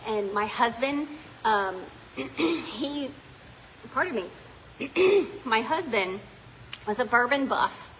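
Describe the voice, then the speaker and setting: A woman's voice: fairly high pitch, expressive, slow pace, long pauses, fairly bright tone, slight background noise, low-quality recording. A middle-aged woman from South Africa, the owner of a winery and distillery, telling its story in a chatty, rambling way inside a small distillery. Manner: chatty, rambling, with frequent ums and restarts. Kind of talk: casual storytelling to visitors.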